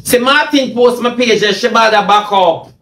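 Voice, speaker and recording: A man's voice: very high voice, normal speed, fairly bright tone. A man with a Jamaican accent delivers a mocking, repetitive, confrontational rant on a livestream into a phone. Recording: echoey room, faint noise.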